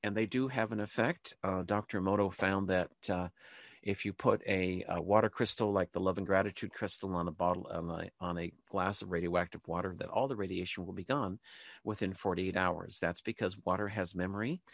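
A man's voice: deep voice, steady tone, a little fast, no room sound. A man hosting a spoken show, talking in a rambling way with many ums and restarts, and leading listeners in a short prayer. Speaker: host. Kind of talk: casual spoken talk show monologue.

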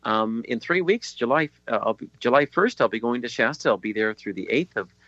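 A man's voice: medium pitch, lively intonation, brisk, a bit bright, no echo, dull audio. A man hosting a radio talk show from a studio, rambling with many ums and restarts. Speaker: radio host.

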